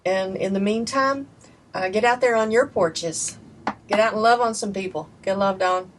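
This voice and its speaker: A woman's voice: mid-range voice, moderate pace. A woman hosting a casual interview, chatty and exuberant. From United States. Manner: warm-hearted, exuberant, chatty. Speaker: host. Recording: distant mic with faint room noise.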